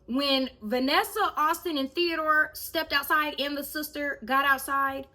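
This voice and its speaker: Young woman, storytime vlog, high-pitched, bright, animated, talks to viewers. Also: a little slow. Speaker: vlogger.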